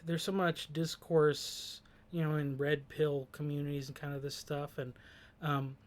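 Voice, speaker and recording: A man's voice: on the high side, flat delivery, unhurried. A man reflecting on a song's lyrics in a thoughtful, hesitant way, with many fillers and restarts. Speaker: host discussing song lyrics. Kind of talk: reflective commentary.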